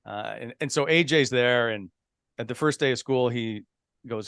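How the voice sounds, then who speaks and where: A man from New Brunswick, a broadcaster and podcast guest, telling his career story in a relaxed, chatty way. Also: mid-range voice, normal speed, smooth, no room sound, clean studio sound. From Canada, New Brunswick. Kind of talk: casual chat.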